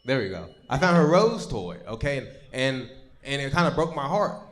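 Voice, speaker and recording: A man's voice: medium pitch, big pitch swings, moderate pace, fairly bright tone. A young man doing a live stand-up set on a comedy stage, telling rambling, profane stories with lots of stammered restarts. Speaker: stand-up comic.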